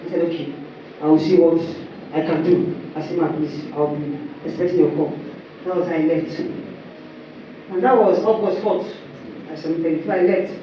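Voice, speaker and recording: A young Nigerian woman telling her church testimony as a story, acting out quotes and rising high when she gets excited. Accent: Nigerian English. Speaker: church member giving testimony. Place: church hall. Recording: echoey, distant, muffled with background noise.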